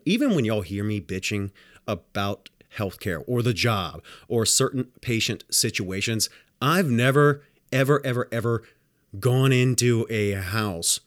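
A man's voice: mid-range voice, no room sound, studio quality. Blunt, profane male nurse ranting. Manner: animated, acts out dialogue in other voices. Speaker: home health nurse. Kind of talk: casual storytelling monologue.

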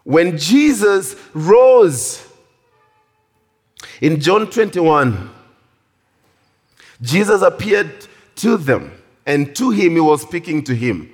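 Male preacher, high voice, slow and emphatic, sermon in a reverberant hall. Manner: animated, drawn-out emphatic delivery. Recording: long reverb of a large hall.

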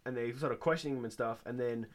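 A man co-hosting a podcast, casually retelling a TV episode and jumping into high, excited voices for the characters. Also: fast talker. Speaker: podcast co-host. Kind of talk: casual chat recapping a TV episode.

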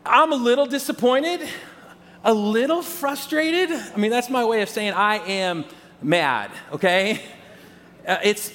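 A pastor delivers a sermon in a high, light, slightly bright voice at a measured pace, with long reverb from a big church. He's loose and conversational, restarting phrases, repeating words, and speaking directly to his congregation.

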